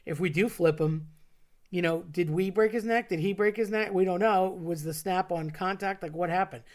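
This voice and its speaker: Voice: mid-range voice, moderate pace. A person telling a true story from their school days in a casual, rambling way, with many fillers and restarts.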